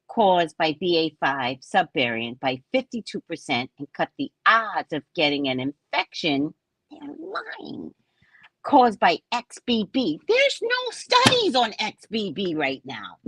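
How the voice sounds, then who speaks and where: An older woman telling a story to her audience, with a husky voice and a pitch that swings widely. She talks slowly and animatedly, and mimics the people she quotes. The recording is dry and close. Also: fairly bright tone, no room sound. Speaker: host. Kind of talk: casual storytelling monologue.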